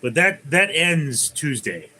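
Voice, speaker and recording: A man's voice: fairly high pitch, big pitch swings, takes it slowly, background noise. A man hosting a casual livestream, rambling through viewer comments and telling jokes. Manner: rambling, many fillers and restarts, tells jokes. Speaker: livestream host.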